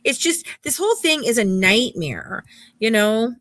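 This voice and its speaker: Woman host, live chat; exasperated rambler, higher voice, dry close mic. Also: very animated, a little slow, fairly bright tone, dry recording. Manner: rambling, exasperated, many restarts. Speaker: podcast co-host. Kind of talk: casual live-stream chat.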